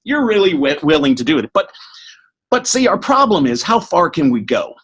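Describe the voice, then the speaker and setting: A middle-aged man speaking as a podcast guest, giving an energetic motivational talk that is quick and full of restarts. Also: a little high, slightly rough. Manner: energetic, fast, with many restarts.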